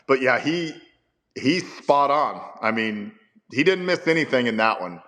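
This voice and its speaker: A man's voice: mid-range voice, animated, measured pace, fairly bright tone. A man in his fifties, a baseball manager, telling stories in a casual interview with rambling, stammering restarts and chuckles.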